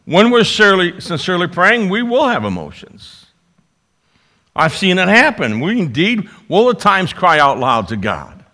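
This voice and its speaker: A man preaching a sermon, swinging between loud emphasis and quiet asides. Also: high voice. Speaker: pastor.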